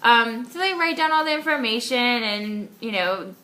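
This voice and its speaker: A young woman casually recounting a personal story, animated, with frequent fillers and restarts. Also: fairly high pitch, moderate pace.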